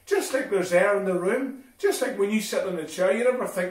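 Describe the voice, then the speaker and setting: Male assembly speaker, expressive storyteller for children; high-pitched, picked up from a distance in a big hall. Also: a little fast. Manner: animated and expressive, addressing children directly. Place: school hall. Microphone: distant from the recording mic. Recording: echoey hall from far off.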